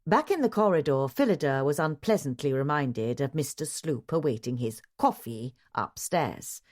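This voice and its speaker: A woman narrating a mystery audiobook in a measured, even storytelling manner. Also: deep voice. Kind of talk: scripted narration.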